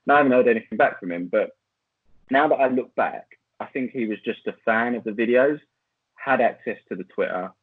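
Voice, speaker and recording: A man's voice: mid-range voice, a little fast, husky. Man, rambling storyteller, phone-like sound, dry, no room echo. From Essex, England. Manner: rambling, with many fillers and restarts. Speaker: podcast guest, football video maker. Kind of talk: casual storytelling chat. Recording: tinny phone-like line, dry.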